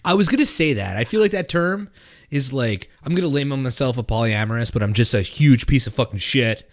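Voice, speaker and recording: Um homem, coapresentador de um podcast, comenta com franqueza e piadas num bate-papo descontraído. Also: male voice, medium pitch, lively intonation, fairly quick. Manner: blunt, joking, profane. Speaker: podcast co-host. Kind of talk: casual podcast chat.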